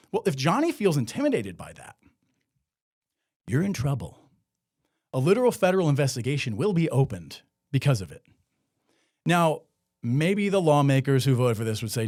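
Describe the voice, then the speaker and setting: Male podcast host, sarcastic, casual, animated pitch, loose filler-heavy talk. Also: a little fast. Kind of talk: solo commentary podcast.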